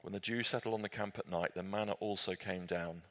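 A man's voice: deep voice, steady tone, fairly quick. Man, Bible study leader, easygoing and chatty, often restarting his sentences. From Britain. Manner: conversational, self-correcting, gently humorous. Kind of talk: group Bible study teaching.

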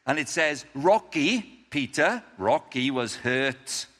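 A man's voice: medium pitch, expressive, slow, fairly bright tone. A man preaching a sermon to a gathered audience, telling a story with animation and putting questions to his listeners. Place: meeting room or church, evening. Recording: reverberant hall.

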